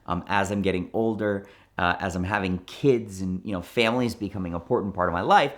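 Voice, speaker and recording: A man in his thirties, a car dealer, telling a story with lively restarts and acted-out dialogue. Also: deep voice, fairly quick. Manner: animated, many restarts and quoted dialogue. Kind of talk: storytelling interview.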